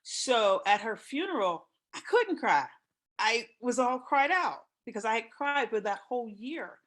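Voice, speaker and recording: A woman in her fifties hosting a casual talk show, telling personal stories in an emotional, expressive way. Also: on the high side, unhurried. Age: 50s. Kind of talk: casual chat.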